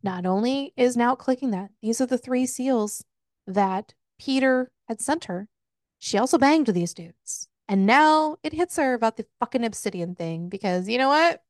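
A woman's voice: fairly high pitch, normal speed, no echo, clean studio sound. A woman co-hosting a podcast, casually retelling a book's plot with lots of swearing and laughter. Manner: animated retelling with profanity and laughs. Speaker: podcast co-host. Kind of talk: casual book recap chat.

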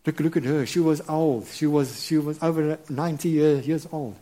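A middle-aged man preaching a sermon, halting and earnest, with many repeated words and restarts. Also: a little high, steady tone, dark tone. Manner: earnest and reverent.

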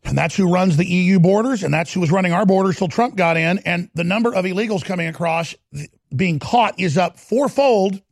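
A man's voice: high voice, fairly quick, no room sound, clean studio sound. A man hosting a political talk show, ranting in a heated, sarcastic way. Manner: ranting, sarcastic, slips into mocking impressions.

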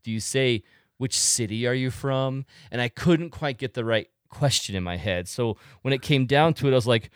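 A man hosts a relaxed interview and tells his stories with bursts of animation, laughing often. His voice is smooth and clear, recorded dry and close. He sounds middle-pitched and easygoing. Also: brisk, few pauses, dry recording. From United States. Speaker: podcast host. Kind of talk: casual interview chat.

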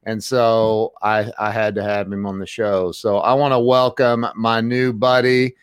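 A man's voice: fairly low pitch, level tone, a little slow, clear, resonant tone, no echo. Male podcast host, resonant voice, dry close sound, rambling casual talk, lots of ums. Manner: rambling, repeats words, many fillers. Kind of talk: casual interview chat.

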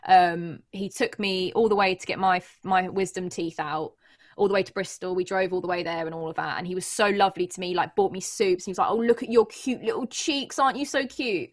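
A woman's voice: lowish voice, fairly even intonation, a little fast. A young woman, a guest giving an earnest, emotional personal account with frequent restarts. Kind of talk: candid personal account in conversation.

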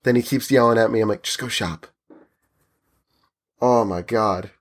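A man's voice: on the low side, moderate pace. A man telling a story in casual chat, acting out the people he talks about. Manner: animated, acts out the people in his story.

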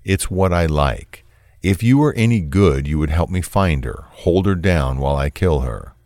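A man's voice: deep voice, moderate pace, no room sound, studio quality. A man reading as a cold, menacing controlling man. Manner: flat, cold, commanding.

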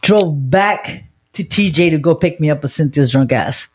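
A woman from Southern California, co-hosting a podcast and telling a wild story in a casual, profane, animated way. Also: sits low, moderate pace, slightly rough. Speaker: podcast co-host.

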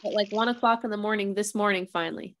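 A woman's voice: mid-range voice, steady tone, fast talker, a bit bright. A woman hosting a podcast on a video call, chatting and reading out announcements in a rambling, casual way. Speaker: podcast host.

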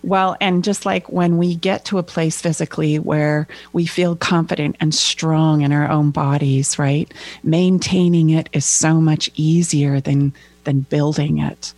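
A woman's voice: deep voice, steady tone, a little slow, darkish tone, dry recording, faint music behind. A woman co-hosting a casual discussion as a relationship coach, explaining her ideas and often tagging her sentences with "right?".

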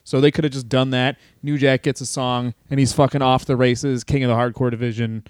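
A man's voice: mid-range voice, level tone, brisk, smooth, dry recording. A man co-hosting a podcast, talking in a loose, profane, rambling way and laughing often. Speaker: podcast co-host. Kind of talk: casual podcast chat.

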